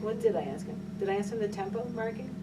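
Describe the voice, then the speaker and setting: A woman's voice: mid-range voice, animated, fast talker, very noisy. A woman teaching a private piano lesson, encouraging her student and counting beats aloud. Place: piano studio indoors. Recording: distant mic, loud piano playing.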